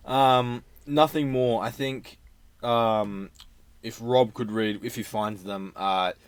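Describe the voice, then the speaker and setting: A man's voice: mid-range voice, steady tone, slow, clear, resonant tone, no echo. A young man co-hosting a podcast album review, talking hesitantly with many "um"s. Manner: hesitant, with frequent "um" and "uh" between thoughts. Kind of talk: casual podcast chat.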